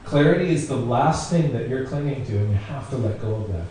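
A man's voice: mid-range voice, lively intonation, brisk, dark tone. A man preaching a sermon in a conversational way, repeating phrases for emphasis. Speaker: pastor. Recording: very echoey room, distant mic, faint noise.

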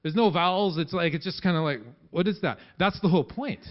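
A man's voice: high-pitched, dull audio. A man preaching a sermon in a church, talking conversationally and often restarting his sentences. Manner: conversational, halting with many restarts. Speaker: pastor.

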